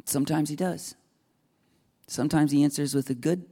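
A man's voice: on the high side, fairly even intonation, normal speed, mellow. A man in his thirties preaching a sermon as a pastor, earnest and confessional, acting out quoted prayers.

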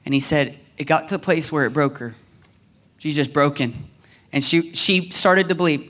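Male pastor, fairly high voice, animated sermon delivery with dramatic hushed drops. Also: normal speed. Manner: animated, acts out prayers and quotes with swings in pitch and loudness.

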